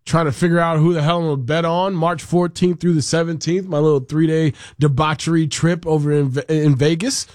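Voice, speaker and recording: A man's voice: a little high, fairly even intonation, a little mellow, dry recording, studio quality. A man co-hosting a sports radio show, chatting casually with jokes and rambling asides. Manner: joking, rambling, quick asides. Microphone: studio microphone.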